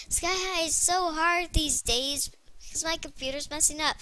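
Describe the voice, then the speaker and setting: A young female gaming video creator chatting excitably to herself while she plays. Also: high voice, moderate pace, dry recording. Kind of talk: casual gameplay commentary.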